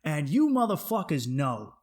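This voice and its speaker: A comic man riffing alone on his podcast, blunt and profane, rambling from one thought to the next. His voice sits a touch higher than most men's, with a loose, unscripted flow. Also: big pitch swings, normal speed. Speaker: stand-up comic and podcast host. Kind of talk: casual comedy monologue.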